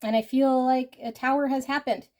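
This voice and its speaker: A woman's voice: high voice, steady tone, normal speed. Emotional woman reading tarot cards. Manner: earnest and emotional, often dropping to a hushed voice; talks directly to viewers as "you guys". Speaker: tarot reader.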